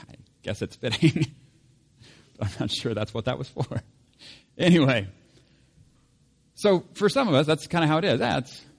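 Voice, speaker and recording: A man preaching a sermon in a conversational way, with light humor and frequent self-corrections. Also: on the low side. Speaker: pastor.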